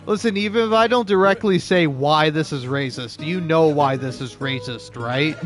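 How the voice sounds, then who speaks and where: A man's voice: fairly high pitch, normal speed. Man, casual let's-play commentator, jokey and profane, light game music in the background. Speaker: gaming YouTuber.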